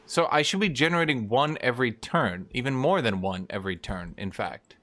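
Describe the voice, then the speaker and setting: A man's voice: medium pitch, brisk, a bit bright. A young man streaming a strategy game, chatting to his viewers with wry remarks and sudden exclamations. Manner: talks to chat, wry, exclaims and trails off. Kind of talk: casual gameplay commentary.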